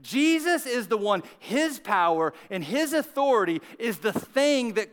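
A man preaching a sermon, telling the story in a lively, conversational way, acting out the characters and often asking "right?". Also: very high voice, measured pace, few pauses, clean tone. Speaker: pastor. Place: church service with several campuses.

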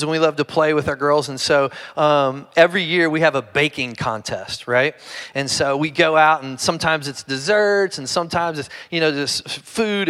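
A middle-aged man with a Kentucky accent preaching a conversational sermon to a congregation, chatty and self-deprecating, with frequent restarts and a hushed tone when he prays. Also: a little high, clear, resonant tone. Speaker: pastor. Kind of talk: conversational sermon with humorous stories. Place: church service before a live congregation.

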